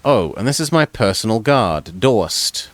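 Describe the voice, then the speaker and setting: A man's voice: very animated, a little slow, no room sound. A man voicing a refined young noblewoman, gracious and eager, while reading a gamebook aloud with voices. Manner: high, polite, courtly delivery.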